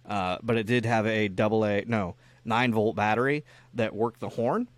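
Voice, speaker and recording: A man's voice: fairly low pitch, moderate pace, no room sound. A man co-hosting a casual chat, rambling and swearing freely, often acting out squealing voices in his stories. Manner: profane, rambling, acts out squealing kid voices. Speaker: podcast co-host.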